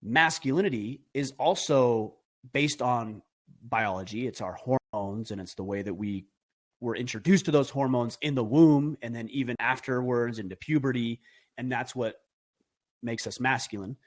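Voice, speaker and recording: A man's voice: mid-range voice, moderate pace. Emphatic middle-aged man making his case. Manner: earnest, emphatic, builds arguments with rhetorical questions. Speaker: podcast guest. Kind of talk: conversational podcast talk.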